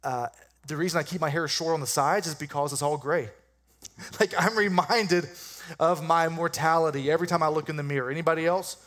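Man, pastor, sermon, fairly high voice, chatty and joking, slows for emphasis. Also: fairly bright tone. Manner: conversational preaching with humor, slowing down for emphasis.

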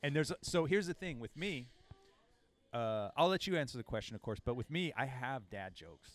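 A man in his thirties hosts a casual comedy podcast. He talks in a laid-back, teasing way and laughs easily. His voice sits at an ordinary middle pitch. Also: expressive, moderate pace. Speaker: podcast host. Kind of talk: casual chat.

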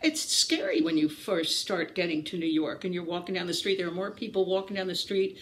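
A woman's voice: on the low side, a little fast, slight background noise. Storytelling woman, acts out voices. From Maryland. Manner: animated anecdotes, acts out voices, many restarts and fillers. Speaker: guest actress. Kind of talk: casual storytelling interview.

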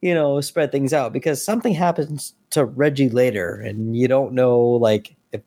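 A man's voice: medium pitch, moderate pace, warm tone, no echo. A man appearing as a podcast guest, chatting casually about comics in a loose way, with lots of fillers and some swearing.

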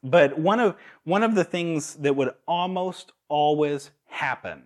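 A young man preaching a sermon in a relaxed, conversational way, with fillers and restarts. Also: a little high, unhurried. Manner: conversational with fillers and restarts, laughs at own stories.

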